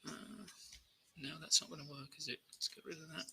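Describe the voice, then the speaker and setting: A man's voice: fairly high pitch, brisk, creaky, bright, forceful tone, breathy edge, low-quality recording. A man hosting a live trading Q&A, talking through charts in a chatty way, full of fillers and questions to his viewers. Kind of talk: live-stream market commentary.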